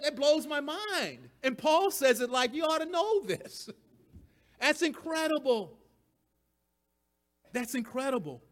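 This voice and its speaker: A preacher gives a sermon in a fairly high, slightly bright voice. He speaks emphatically, repeats his key phrases and chuckles at his own points.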